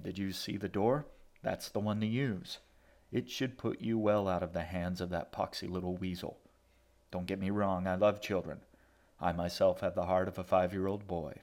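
Guy putting on a sarcastic shaggy weirdo, dark little jokes, fairly low voice, audiobook. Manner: sardonic, mock-polite, darkly joking. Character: shaggy eccentric man, dry mocking letter-writer. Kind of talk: audiobook narration.

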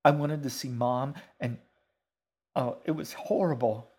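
A man's voice: mid-range voice, fairly even intonation, unhurried, a little mellow, voice pushed up, natural voice. A man reading a story aloud, voicing a frightened young girl in a strained, pleading way. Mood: distraught.

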